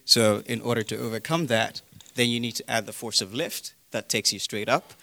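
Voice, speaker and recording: A man's voice: mid-range voice, normal speed, creaky, bright, forceful tone, no echo. A man with a British accent explaining the physics of flight in a casual, hesitant way with frequent fillers. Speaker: guest explaining science.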